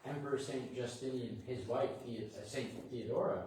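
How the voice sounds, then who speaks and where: A man's voice: mid-range voice, moderate pace, a crowd in the background. A man in a class, speaking tentatively and checking his facts with questions. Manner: tentative, asks for confirmation. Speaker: class participant. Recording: distant voice in echoey room, noisy.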